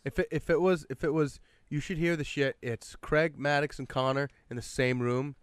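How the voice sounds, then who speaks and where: A young man on a podcast, telling stories in an animated way and swearing often. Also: a little high, moderate pace, clean tone, no echo. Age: young adult. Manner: animated storytelling, swears a lot. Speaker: podcast guest. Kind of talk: casual chat. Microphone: podcast mic.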